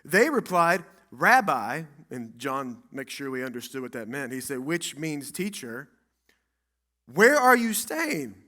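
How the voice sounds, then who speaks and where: A man's voice: medium pitch, lively intonation, a little slow, few pauses, sharp tone. A man pastor delivering a dramatic, emphatic sermon in a church, building up through repeated phrases. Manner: dramatic, emphatic preaching with repetition. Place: church sanctuary.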